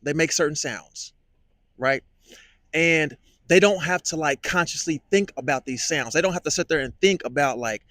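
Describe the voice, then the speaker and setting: A man vlogging a reflective monologue, musing and halting, often repeating words with many fillers. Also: fairly high pitch, a bit bright, no echo.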